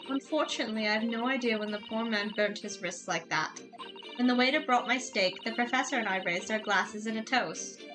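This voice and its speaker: A haughty young English gentlewoman with a prim, put-on English accent, as a woman reads her lines from a video game. She talks down to everyone in stiff, formal phrases, in a fairly high voice. Game music plays clearly underneath. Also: a little fast, close to an everyday voice, poor audio. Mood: composed. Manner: lofty, condescending, formal diction.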